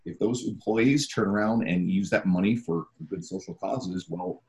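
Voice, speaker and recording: Deep-voiced male podcast host. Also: normal speed, rough recording. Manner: relaxed and rambling, with repeated "you know". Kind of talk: casual conversation.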